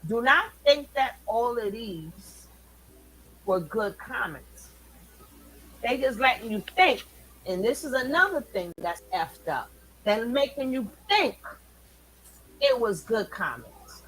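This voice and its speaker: A woman hosting a reaction channel, ranting in heated commentary, loud and profane and clearly worked up. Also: fairly high pitch, big pitch swings, slow pace, long pauses, rough recording. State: angry, worked up.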